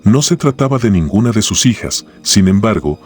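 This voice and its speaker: Man, very deep voice, measured suspenseful narration, faint background music. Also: expressive, darkish tone. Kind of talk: scripted narration.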